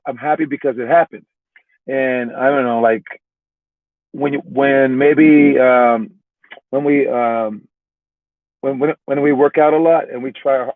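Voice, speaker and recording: A man coaching basketball talks to his young players in a loose, rambling way, full of restarts and "all right?" checks. His voice sits at a middling pitch. The sound is thin and phone-like, with no room echo at all. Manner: rambling, repeats words, keeps adding "all right?". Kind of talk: casual motivational talk to young players. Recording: narrow phone-like sound, dry.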